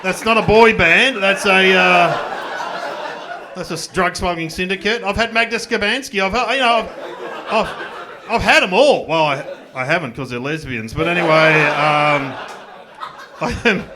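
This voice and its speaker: A man's voice: high-pitched, measured pace, pauses often. A middle-aged man with an Australian accent doing a self-mocking, chatty stand-up comedy set on a club stage. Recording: live club recording with audience noise.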